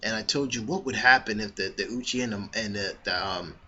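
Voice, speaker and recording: A man's voice: fairly low pitch, a little fast, pushed and bright, a little hiss or hum, pitched below the performer's own voice. A man voicing a cocky, unbothered male villain warlord in a casual, slangy drawl, retelling a comic scene. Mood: smug. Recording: dull lo-fi recording.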